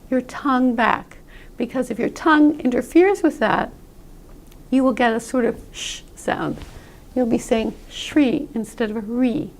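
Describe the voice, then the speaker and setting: A woman with a high, gravelly voice teaches pronunciation. She explains patiently and says sample sounds aloud for learners to copy. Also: darkish tone. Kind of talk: classroom-style explanation.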